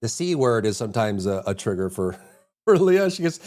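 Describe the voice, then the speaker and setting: A man's voice: on the low side, very animated, moderate pace, darkish tone. A man streaming live, chatting casually with his viewers, rambling and humming or muttering to himself between thoughts. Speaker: full-time streamer.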